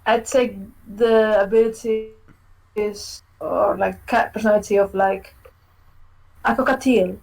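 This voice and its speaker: A woman's voice: mid-range voice, steady tone, slow, creaky, a little mellow, poor audio. A young woman, a game developer, chatting as a guest over a video call, rambling and giggly. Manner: rambling, full of fillers and restarts, giggly. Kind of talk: casual online interview.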